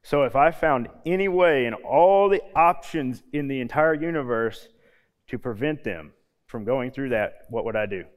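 A man in his thirties, a youth pastor, preaching a casual sermon with homey stories and quiet, low emphasis on key points. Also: expressive, normal speed. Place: church hall. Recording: long hall reverb.

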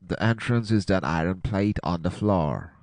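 A man voicing a gravely wounded middle-aged man in a storybook reading, speaking faintly and with effort. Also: low voice, lively intonation, measured pace, darkish tone, no echo. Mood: urgent. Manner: faint, labored speech.

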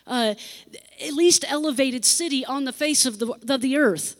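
A woman's voice: sits high, moderate pace, faint music behind. A woman pastor preaching an emotional sermon, repeating phrases for emphasis and laughing between lines.

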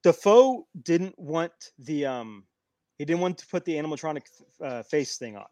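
A man's voice: fairly high pitch, lively intonation, normal speed, mellow, no room sound. Stammering man, dry close sound. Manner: stammering, repeats words, laughs often. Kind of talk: casual movie chat.

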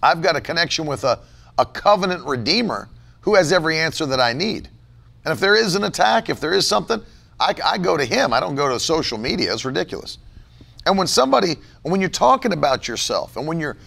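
A male preacher delivers a sermon with a gravelly, fry-tinged voice pitched a little high. His pitch swoops lively and wide as he presses each point. He talks emphatically, chuckling and mimicking the phrases people say. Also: fast talker.

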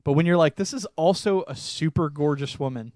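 A young man co-hosting a podcast, telling a story in casual chat, animated and laughing often. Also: fairly high pitch, fairly quick, dry recording, clean studio sound. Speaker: podcast co-host.

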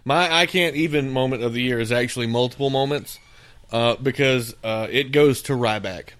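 A man's voice: mid-range voice, normal speed, fairly bright tone, slight background noise. A man co-hosting a casual podcast, joking and laughing often. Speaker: podcast co-host. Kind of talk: casual chat.

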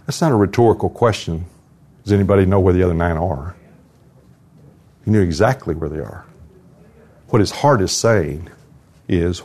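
A man's voice: deep voice, moderate pace, long pauses, darkish tone. An older man giving an earnest devotional talk at a conference, telling a personal story and closing in prayer. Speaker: conference speaker. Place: conference hall.

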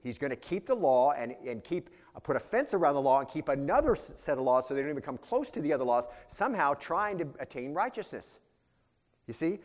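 A male pastor preaching a teaching sermon, often asking rhetorical questions and turning higher and louder when he voices quoted prayers. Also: big pitch swings, fast. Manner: rises in pitch for quoted prayers.

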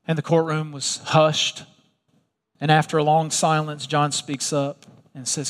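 Higher-voiced pastor man in a reverberant hall. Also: level tone, a little slow. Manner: vivid storyteller acting out dialogue. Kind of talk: sermon with storytelling. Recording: long reverb of a large hall.

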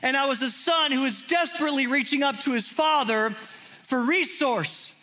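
A man in his thirties preaching a sermon, telling a personal story with earnest feeling and dropping to hushed, intimate tones. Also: very high voice, normal speed. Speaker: pastor.

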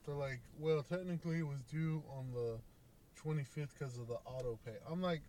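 Young man, slightly high voice, casual chat, storytelling, swears a lot, acts out both sides. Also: normal speed, dark tone, slight background noise. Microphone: podcast microphone.

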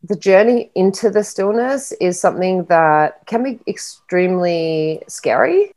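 A woman who works as a spiritual coach and medium, talking earnestly and reflectively in a relaxed interview. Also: mid-range voice. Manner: earnest, reflective, slow and soft-spoken. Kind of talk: casual interview chat.

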